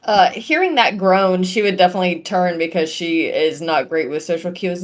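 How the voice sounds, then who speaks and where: A woman's voice: lowish voice, normal speed, few pauses. A woman playing in a tabletop game, describing her character's actions in a chatty, thoughtful way. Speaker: player.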